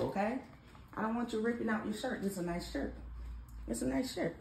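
A mother and vlog host teases her son playfully, sing-song, in a casual morning chat at home. Her voice is a little high and a little fast with a darkish tone, and the phone recording has an echoey room and faint background noise.

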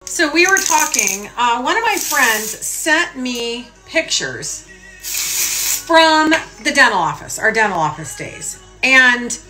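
A woman's voice: fairly high pitch, slow pace, music in the background. A woman in her forties talking casually to her followers as a lifestyle blogger, rambling and poking fun at herself, dropping into mock voices for her own asides. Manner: rambling, self-mocking, animated storytelling with mock-voiced asides. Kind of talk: casual chatty vlog to followers.

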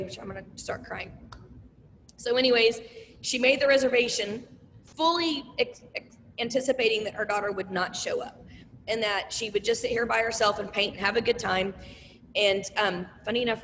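A middle-aged woman who owns a small business, telling stories in a casual, animated interview and acting out the voices of people she quotes. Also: mid-range voice, gravelly, long reverb tail, slight background noise. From Oklahoma. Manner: animated, acts out quoted voices, tearful at times.

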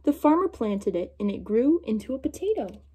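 A young woman reading a picture book aloud to children, in an animated storytelling manner and asking her young listeners questions. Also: on the high side, normal speed, slight background noise.

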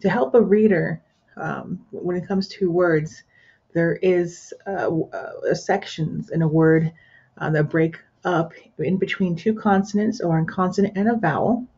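A woman teaching a pronunciation lesson to an imagined class, pausing for their answers and using plenty of fillers like "uh" and "um". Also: on the low side, steady tone, warm tone, breathy edge. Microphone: screen recorder with built-in microphone. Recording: dull lo-fi screen recording.

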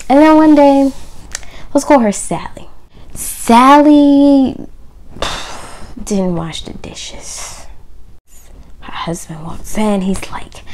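A woman's voice: high-pitched, extremely slow, pauses often, darkish tone. A woman talking openly to camera about her faith, with emphatic phrasing that keeps dropping to a near whisper. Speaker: video host. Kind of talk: personal faith talk to camera.

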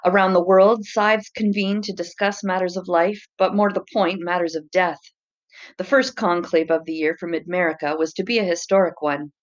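A woman narrating a novel chapter in a measured, even storytelling manner. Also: fairly low pitch, highs cut off. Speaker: audiobook narrator. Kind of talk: scripted narration.

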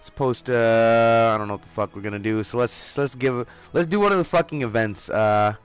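This gaming streamer, a man with a brisk, clean, mid-range voice, is chatting live with a friend over a monster hunting game. Faint music runs in the background as he swears freely, laughs a lot and gets worked up.

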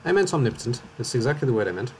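A man's voice: mid-range voice, sing-song, racing, darkish tone, slight background noise, poor audio. A man from Wales with a slight Welsh accent, commentating live on his game in a chatty, rambling way and often correcting himself. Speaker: streamer.

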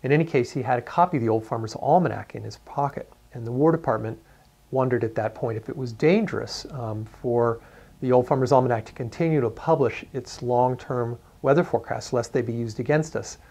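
A man recounting a historical episode in a documentary interview, pausing often with ums and uhs. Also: mid-range voice, gravelly, warm tone. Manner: hesitant storytelling with frequent ums.

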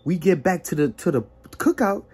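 A young man tells a story from his own life in a casual, animated way, and his pitch leaps around as he acts out what people said. His voice is a little husky, with a soft breathiness to it. He keeps slipping into quoted dialogue, full of exclamations. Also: normal speed. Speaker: vlogger telling a personal story.

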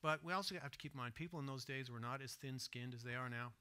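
A man preaching a sermon in church, swinging between hushed, soft retelling and loud, emphatic asides, and asking his listeners direct questions. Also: mid-range voice, fast talker, a little hiss or hum. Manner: asks the congregation direct questions. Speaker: pastor. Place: church sanctuary.

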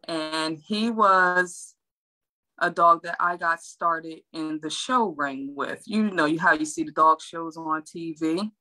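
A woman's voice: low voice, takes it slowly, sharp tone, low-quality recording. A woman who trains and grooms dogs, telling her story in a friendly, chatty interview. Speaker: dog trainer and groomer, guest. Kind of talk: casual interview chat.

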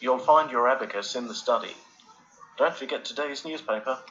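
A man's voice: medium pitch, normal speed, fairly bright tone, dull audio, soft background music, lightly acted. A man voicing a genteel, witty wife in a storybook, speaking in a prim, dry way.

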